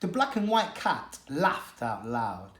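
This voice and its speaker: Slowly and dramatically, a teacher reads aloud from a children's novel in a middle-register voice full of pitch movement. The expressive storytelling is captured in an echoey room.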